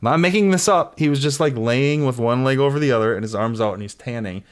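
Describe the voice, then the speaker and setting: An American man on a podcast telling rambling, swear-filled stories with lively emphasis. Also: mid-range voice, quick pace. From United States. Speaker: podcast host. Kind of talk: casual podcast chat.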